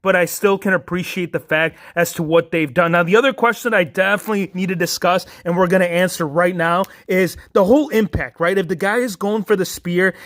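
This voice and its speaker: High-voiced, chatty man reviewing toys. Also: a bit bright. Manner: chatty, enthusiastic, keeps saying "man". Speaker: action figure reviewer. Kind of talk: casual product review.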